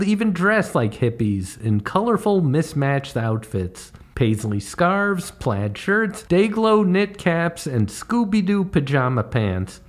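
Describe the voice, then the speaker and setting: A middle-aged man, a comedy writer, narrating comic travel stories with a dry, wisecracking delivery. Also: fairly high pitch.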